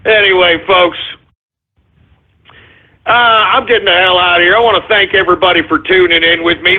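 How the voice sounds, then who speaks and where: Gloating radio host with a high, bright voice. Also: male voice, lively intonation, a little slow, gravelly. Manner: taunting, mocking trolls with bursts of cackling laughter and shouts. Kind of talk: gloating call-in radio monologue. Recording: dull lo-fi internet radio sound.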